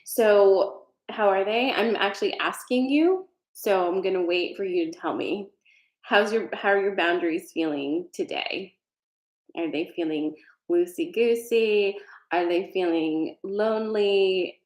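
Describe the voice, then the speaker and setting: A woman's voice: medium pitch, unhurried. A woman hosting a casual live talk, speaking frankly and chattily, swearing freely and reading out viewer comments. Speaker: host. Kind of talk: casual live talk about self-care. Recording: roomy echo.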